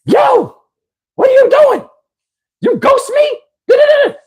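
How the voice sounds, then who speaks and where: A man voicing a pushy, desperate woman from a dating site, in a shrill, squeaky, demanding voice within a comic story he tells on camera. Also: very animated, unhurried, heavily acted. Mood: angry.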